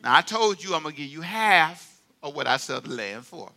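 A man preaching a sermon as pastor, playful and animated, drawing the congregation into call-and-response. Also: high-pitched, brisk.

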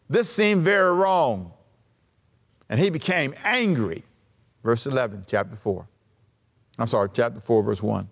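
A man preaching a sermon as pastor, animated and conversational, with joking asides. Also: mid-range voice, husky.

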